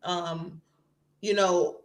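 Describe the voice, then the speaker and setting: A woman's voice: lowish voice, drawn-out words. Emphatic woman in casual talk. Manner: animated, emphatic, repeats phrases. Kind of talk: casual conversation.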